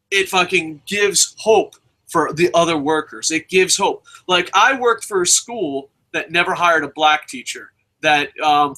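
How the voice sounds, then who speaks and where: A man's voice: fairly high pitch, bright, forceful tone. Blunt, profane man ranting. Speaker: wrestling news show co-host.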